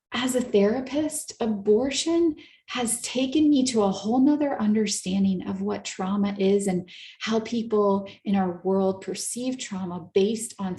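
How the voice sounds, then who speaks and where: A woman therapist giving an earnest, coaching talk to a live audience, slowing down to stress her points. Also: mid-range voice, dark tone, echoey room. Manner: earnest, coaching, slows down for emphasis. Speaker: therapist and speaker.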